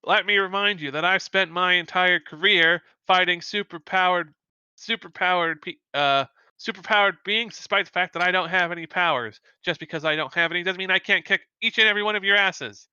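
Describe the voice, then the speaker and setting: A man putting on a stern, powerless woman who teaches combat and berates her students harshly. Her voice is raised and bright, with a clean tone. The online call audio is dull and lo-fi. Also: high voice, a little fast, clean tone, no room sound, voice pushed up. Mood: scolding. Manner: harsh, scolding, blunt.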